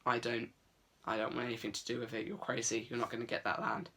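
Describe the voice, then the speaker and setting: A man playing a lonely, cynical stable hand who talks low, quiet and dismissive. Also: completely flat delivery, quick pace. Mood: bitter. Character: bitter lonely older male stable hand.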